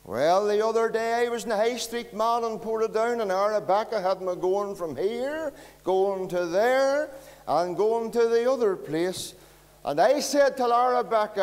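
A man's voice: high voice, a little slow, big-room sound. A Northern Irish man preaching a folksy storytelling sermon at a carol service, chatting to the children in the congregation. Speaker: pastor. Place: church.

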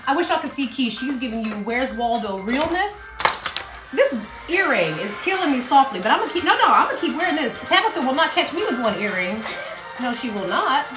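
Lively Southern woman hosting a livestream. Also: sits high, brisk, echoey room, over music. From South Carolina. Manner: animated, playful, chatty. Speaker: host. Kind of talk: casual livestream chat. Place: home in Brooklyn.

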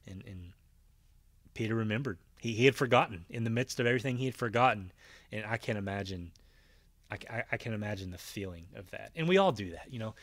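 A man's voice: lowish voice, animated, fast talker, no room sound. A man preaching a conversational Bible-teaching sermon, retelling scenes with voiced quotes and frequent fillers and restarts. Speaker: pastor.

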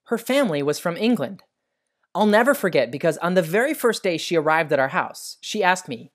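An American man hosting a science lesson for kids, telling stories in a friendly, animated way. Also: sits high, a little fast. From United States. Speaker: educational show host.

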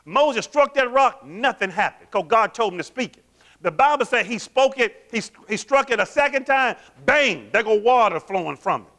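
Animated, high-voiced preaching man. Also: moderate pace. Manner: animated, quizzes the congregation with call-and-response questions. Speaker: pastor. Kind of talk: sermon.

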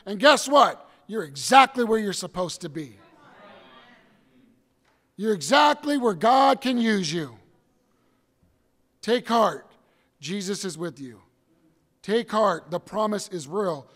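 High-voiced, emphatic male preacher. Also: expressive, slow pace, in a large hall. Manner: emphatic, bursts into shouts, acts out stories. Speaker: pastor. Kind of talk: sermon.

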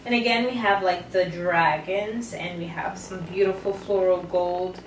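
A woman's voice: on the low side, steady tone, unhurried. A young adult woman chatting playfully through a clothing try-on haul, with sassy slangy asides. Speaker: fashion vlogger. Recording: roomy, mic far off, faint noise.

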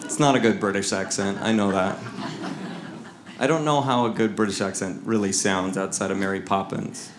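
A man's voice: fairly low pitch, steady tone, normal speed, background noise. A man from Seattle doing stand-up comedy, wry and self-mocking, acting out voices in his stories. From Seattle, USA. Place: comedy club stage. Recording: roomy club sound with ambience.

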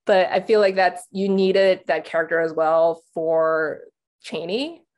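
Chatty young woman talking awards picks, low voice. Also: unhurried, darkish tone. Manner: chatty, lots of "like" and restarts, laughs easily. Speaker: awards pundit. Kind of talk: casual panel discussion.

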